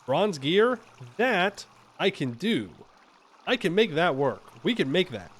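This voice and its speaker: Guy streaming a game, joking around w chat, kinda high voice, bounces all over. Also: big pitch swings, slow. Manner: playful, joking with chat, mock-defensive. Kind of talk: casual live-stream commentary while playing.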